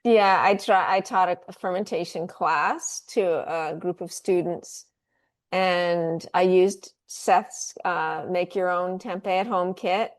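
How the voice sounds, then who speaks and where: Slow, chatty woman guest. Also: on the low side. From United States. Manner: relaxed, chatty, laughs often. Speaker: guest, food company founder. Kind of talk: casual interview talk.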